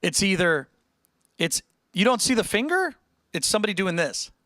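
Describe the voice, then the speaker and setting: Bright, rambling livestream musician. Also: male voice, high voice, moderate pace, no echo, studio quality. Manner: rambling, animated, many restarts and fillers. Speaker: musician hosting a livestream chat. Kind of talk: casual livestream chat with viewers.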